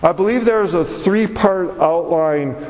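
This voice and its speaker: A man's voice: high-pitched, a little slow, darkish tone. A man preaching a sermon as pastor, with an emphatic, repetitive cadence. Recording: long hall reverb.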